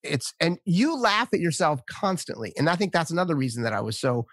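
Lively, laughing male podcast host. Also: a little high, a little fast, dry recording, clean studio sound. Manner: animated storyteller who laughs often. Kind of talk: casual chat.

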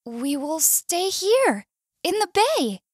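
A woman with an American accent voicing a gentle, loving female whale in a storybook, earnest and playful. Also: on the high side, unhurried, dry recording, studio quality. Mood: tender. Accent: US English.

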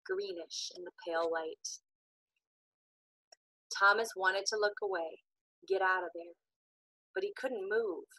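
A woman giving an expressive audiobook narration, moving between loud tension and hushed suspense. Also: mid-range voice, slow pace, long pauses, no echo, low-quality recording.

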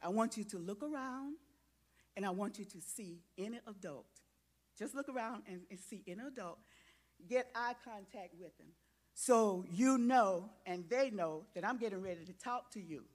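A woman's voice: medium pitch, moderate pace, darkish tone. A woman giving a children's sermon in a church, coaxing and interactive as she asks the kids questions and gets them to join in. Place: church sanctuary.

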